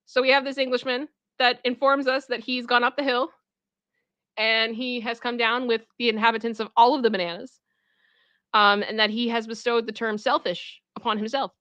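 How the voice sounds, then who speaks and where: Woman livestream host, bright and lively, chatting with viewers. Dry, slightly dull audio. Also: fairly high pitch, moderate pace, no room sound. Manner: animated, retells a sketch with character voices. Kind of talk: casual livestream chat.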